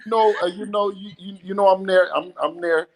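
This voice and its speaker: A man's voice: high-pitched, fairly quick. A man calling into a livestream, talking casually and playfully, often laughing. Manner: animated, laughing, playful trash talk. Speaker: call-in guest. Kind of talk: casual phone call on a livestream.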